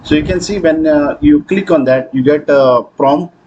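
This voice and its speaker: A man hosting a software tutorial, talking through his screen with frequent hesitations. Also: a little high, normal speed, muffled recording, a little hiss or hum. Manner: hesitant, many fillers. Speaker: tutorial host. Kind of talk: screen-recording software walkthrough.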